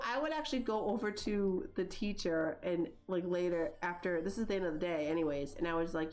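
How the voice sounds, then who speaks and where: A woman's voice: lowish voice, brisk, hardly any pauses, a little mellow. A woman in her thirties, hosting a gaming channel, chatting casually and rambling with lots of likes and you-knows as she plays. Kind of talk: casual chat while playing a life-sim game.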